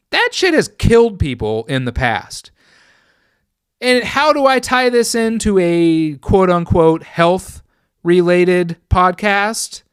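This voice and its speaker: A man's voice: sits high, smooth, no echo, studio quality. A man hosting his own podcast, telling a personal story in a casual, rambling and profane way. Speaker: podcast host.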